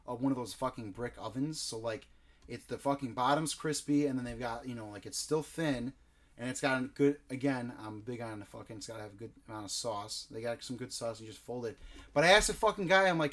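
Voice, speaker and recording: A man's voice: mid-range voice, brisk, a bit bright. A man from Chicago ranting in a fired-up, profanity-heavy comedy bit. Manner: fired-up, swears constantly.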